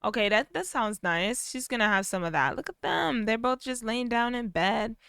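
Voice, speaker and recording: A woman's voice: a little high, animated, moderate pace, creaky, a bit bright, smooth, no room sound, studio quality. A woman in casual gameplay commentary, chatty and sassy, acting out the characters' voices. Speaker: gameplay narrator.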